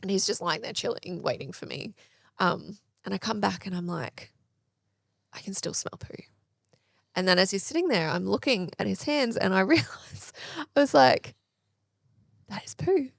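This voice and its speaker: A woman in her thirties chats on a parenting podcast and tells a story with lively energy, acting out every quoted line. Her voice sits at a middle pitch. It is recorded close and dry. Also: moderate pace, creaky, dry recording. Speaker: podcast co-host. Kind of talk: casual chat.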